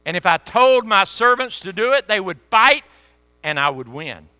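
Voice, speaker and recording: A man's voice: sits high, big pitch swings, moderate pace, sharp tone, clean tone, no room sound, voice pushed up, exaggerated voice. A man preaching, voicing a condemned king who answers firmly and without fear. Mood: defiant. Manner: firm, declaring.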